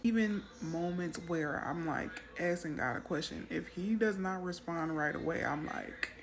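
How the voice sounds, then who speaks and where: A woman telling a personal faith story in casual testimony style, animated when she quotes her young daughter. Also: on the low side, normal speed. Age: adult mother. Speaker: Christian content creator.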